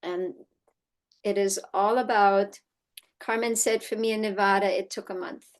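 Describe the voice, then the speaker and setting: A middle-aged woman teaching an online horsemanship course in a casual, storytelling way, often checking in with "right?" and acting out quotes in lively voices. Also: medium pitch, a little slow. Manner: chatty storytelling, frequent "right?" tag questions; acts out quotes in animated voices. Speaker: horsemanship instructor.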